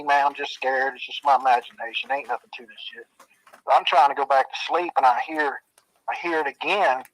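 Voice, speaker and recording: A man's voice: fairly high pitch, fairly bright tone, no room sound, low-quality recording. A man telling a spooky childhood story in a casual, drawling way, swearing and making sound effects. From Arkansas.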